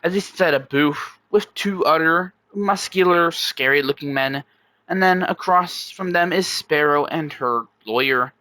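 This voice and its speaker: Bright-voiced man narrating casually. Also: on the high side, a little slow, no room sound. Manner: loose, stumbles and restarts. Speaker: storyteller narrating a machinima.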